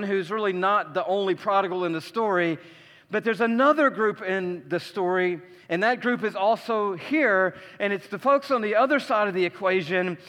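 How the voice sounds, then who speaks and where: A man preaching a sermon as pastor, telling a story with animated delivery and acting out its characters. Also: sits high. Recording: long reverb of a large hall.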